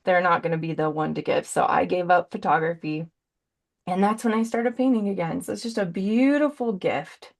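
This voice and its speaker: A woman in her forties, working as a brand ambassador, chats through a live paint demo on a video call. Her voice sits fairly low with some vocal fry, and she keeps a moderate pace. She rambles cheerfully and tosses in punny asides.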